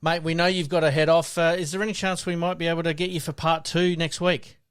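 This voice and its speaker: A man hosting a podcast, closing the interview politely. His voice is a touch high and smooth, kept level in pitch, recorded dry. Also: level tone, fast, no room sound. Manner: polite, wrapping-up host. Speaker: podcast host. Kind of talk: casual chat.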